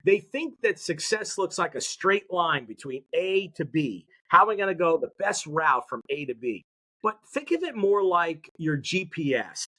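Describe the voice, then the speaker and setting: Man, lively pitch, fairly high voice, energetic, motivational guest talk. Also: normal speed. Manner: energetic, motivational, audience-engaging. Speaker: podcast guest, mindset educator. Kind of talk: conversational interview.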